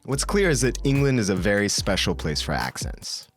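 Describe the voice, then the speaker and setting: Low-voiced man hosting a podcast chat. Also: big pitch swings, moderate pace, soft background music. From Bolivia. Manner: playful, asks questions and steers the talk. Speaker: podcast host. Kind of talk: casual chat.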